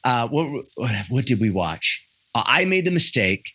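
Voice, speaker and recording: A man's voice: mid-range voice, big pitch swings, unhurried, bright, forceful tone, no room sound. A man in his thirties, a podcast guest, telling personal stories candidly and earnestly, often restarting his sentences. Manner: earnest, self-correcting storyteller with frequent restarts. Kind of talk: candid conversational interview.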